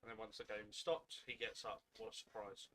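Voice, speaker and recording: A man's voice: fairly low pitch, level tone, moderate pace, bright, forceful tone, slight background noise. A young man giving angry, expletive-filled play-by-play commentary while watching a football match live. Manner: swears constantly, seething play-by-play. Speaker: football fan streamer.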